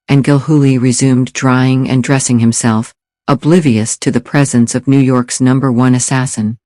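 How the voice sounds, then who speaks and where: A man's voice: medium pitch, darkish tone, dry recording. Man narrating an audiobook, dry sound. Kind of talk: scripted narration.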